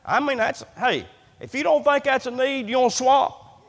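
A male pastor preaching a sermon in a church, impassioned, repeating words and swinging between loud and soft. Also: very high voice, animated, normal speed. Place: church sanctuary. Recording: long hall reverb.

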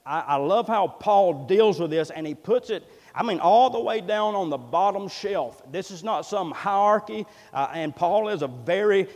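A man preaching a sermon in a folksy way, building up to loud, emphatic peaks. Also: sits high, animated, normal speed. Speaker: pastor. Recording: long reverb in a church hall.

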